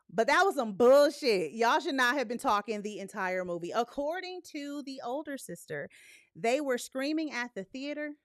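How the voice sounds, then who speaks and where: Woman, young adult, live-stream host, high voice, profane, animated, dry close recording. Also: moderate pace, dry recording. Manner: blunt and profane, animated, laughs often. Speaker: host of a live movie talk show. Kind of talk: casual live-stream chat.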